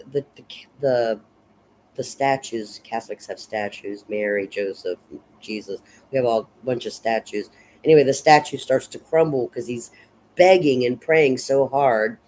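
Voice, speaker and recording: A woman casually recapping and analyzing a film in a rambling, unhurried way, full of fillers and restarts. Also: rumbling low, warm tone, a little hiss or hum, poor audio. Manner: unhurried and reflective. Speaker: film reviewer.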